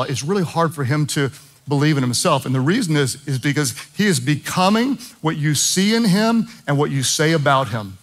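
A middle-aged man preaching a sermon as pastor, emphatic and impassioned, with jokey asides. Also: on the high side.

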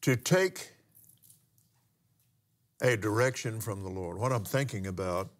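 An older man, a minister telling a testimony story in a folksy, drawn-out way with pauses and restarts. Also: lowish voice. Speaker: minister and pilot. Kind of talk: storytelling testimony in a broadcast talk.

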